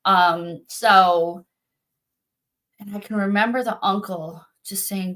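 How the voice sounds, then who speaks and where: A middle-aged woman, a psychic medium guest, telling her story in an interview with animated quoting. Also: slow pace, long pauses. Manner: animated, acts out quotes in a high voice.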